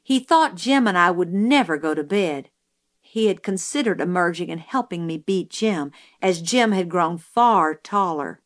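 An audiobook narrator reads a novel aloud in a measured storytelling manner. Her voice is lowish, with lively intonation.

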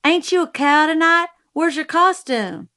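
A blunt, spirited young tomboy girl speaks up from a storybook reading, put on by a woman. Her voice sits higher and brighter than the narration, with quick, direct questions. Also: expressive, heavily acted. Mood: eager.

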